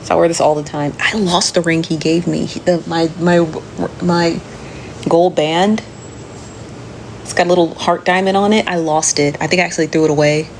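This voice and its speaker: Hosting a relaxed live chat, an adult woman reads out viewer comments and replies with talkative, profane asides, laughing often and calling viewers "friend." Her voice is on the low side with fairly even intonation and a moderate pace. There's slight background noise.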